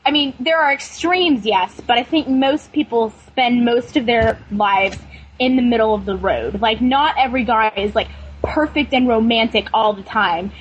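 A woman's voice: fairly high pitch, normal speed, highs cut off, a little hiss or hum. A woman co-hosting a casual fan podcast, opinionated and self-deprecating. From United States. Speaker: podcast co-host.

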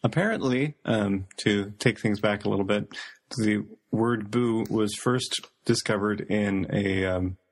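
A man co-hosting a casual chat, sharing trivia with many pauses and fillers. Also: lowish voice. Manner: hesitant, filler-heavy trivia telling. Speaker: podcast co-host.

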